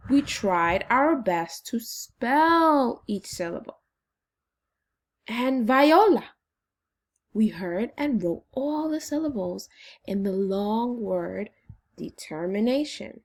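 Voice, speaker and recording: A woman teacher leading a phonics lesson for children, slowly and encouragingly sounding out syllables. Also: fairly high pitch.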